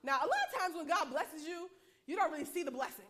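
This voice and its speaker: Woman chaplain giving her testimony, high voice, talks super fast and lively. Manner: fast-talking, animated, laughs often. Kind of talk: preaching a personal testimony.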